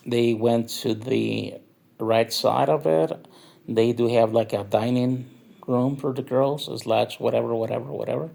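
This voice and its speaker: A man's voice: mid-range voice, creaky, darkish tone. A tipsy man from northern Mexico, rambling through a profane, filler-heavy nightlife story. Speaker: nightlife vlogger. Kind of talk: rambling drunk review monologue.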